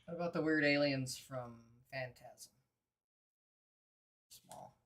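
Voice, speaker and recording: A woman with a very deep voice co-hosts a casual stream. She is laid-back and laughs softly while she adds bits of movie trivia. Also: takes it slowly. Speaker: co-host. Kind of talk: casual chat.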